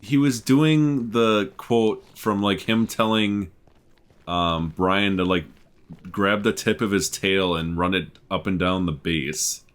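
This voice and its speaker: A man playing along on a gaming stream, chatting with dry, deadpan remarks. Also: low-pitched, slow pace. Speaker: co-player guest. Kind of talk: casual gaming chat.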